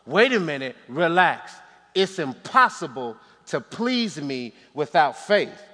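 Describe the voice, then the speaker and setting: A man preacher voicing God as a calm, reassuring deity in a lowered, soothing voice. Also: exaggerated voice. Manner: slow, soothing, deep. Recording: long reverb in a large hall.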